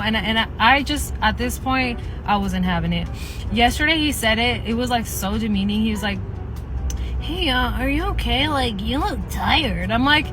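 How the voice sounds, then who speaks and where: A woman in her thirties, a cocktail server, telling a heated, profane storytime rant and acting out both sides of an argument. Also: medium pitch. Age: 30s.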